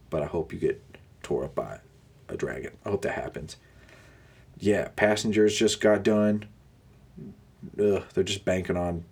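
A young man with a low, slightly husky voice rants his way through a podcast monologue. He groans and mocks in a sarcastic, offhand way, as a host griping casually. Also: darkish tone.

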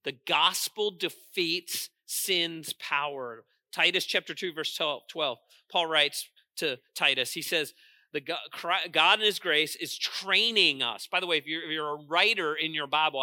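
A man preaching a sermon in a high, very bright, ringing voice. He swings from loud, stressed lines to quiet asides and keeps asking his congregation questions. The sound is dry and close. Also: moderate pace, dry recording. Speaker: pastor.

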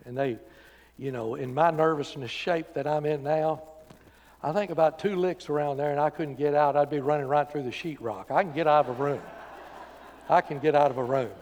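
Male pastor, slightly high voice, emphatic sermon delivery dropping to hushed asides, long church reverb. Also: normal speed. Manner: emphatic preaching that rises loud then drops to quiet, intimate talk. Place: church sanctuary.

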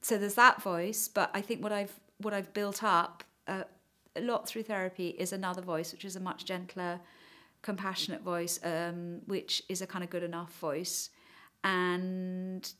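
A woman's voice: lowish voice, flat delivery, measured pace, sharp tone. A middle-aged woman giving a hesitant, reflective personal account in conversation, with frequent fillers. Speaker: interviewee.

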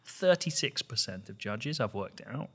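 Bright animated man. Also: mid-range voice, slightly rough. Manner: animated, quick bursts, playful riffing. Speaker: podcast co-host. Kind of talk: comedic casual chat.

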